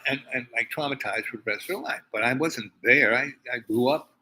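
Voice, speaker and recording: A man's voice: medium pitch, fairly quick, sharp tone, slight background noise, low-quality recording. An older man from Harlem, talking in a rambling personal monologue full of asides and restarts. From Harlem, New York. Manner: digressive storytelling with many restarts and asides. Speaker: host.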